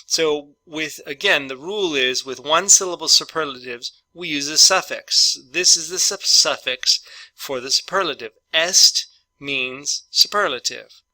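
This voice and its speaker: Bright, dry-sounding male English teacher. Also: a little high, no echo. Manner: explains in English with Spanish translations, repeats example sentences slowly. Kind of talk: bilingual grammar lesson.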